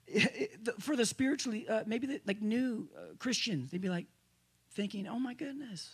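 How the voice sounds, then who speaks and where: Husky-voiced male pastor preaching. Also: sits high, expressive, slow, pauses often. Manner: conversational preaching with frequent restarts; swings between loud emphasis and quiet asides. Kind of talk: sermon. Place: church service room with a congregation.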